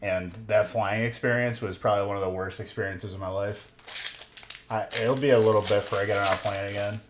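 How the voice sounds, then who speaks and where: Speaking briskly in a lowish, steady voice, a young man runs a card box break livestream from a collectibles shop room. Wearing a headset, he casually chats with viewers, relaxed and frequently using "dude" and "bro." The audio is echoey with faint noise.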